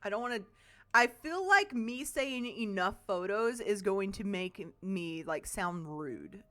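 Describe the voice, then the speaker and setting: A woman's voice: mid-range voice, animated, measured pace, fairly bright tone. Chatty woman streamer thinking aloud. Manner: thinking aloud, swears casually. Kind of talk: casual gameplay commentary.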